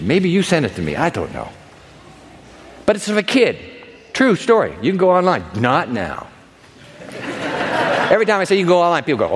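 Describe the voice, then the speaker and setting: A man preaching a sermon to a congregation, telling a story with lively acting and asides. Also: on the high side, long reverb tail, slight background noise. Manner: animated storytelling, acts out characters. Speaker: pastor. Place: large church hall with long reverb.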